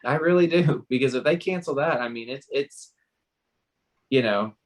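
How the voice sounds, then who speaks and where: Young man, mid-pitch, heated fan panel talk, emphatic restarts. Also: moderate pace. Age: 20s. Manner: passionate, emphatic, repetitive restarts. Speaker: panel co-host. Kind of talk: casual panel discussion.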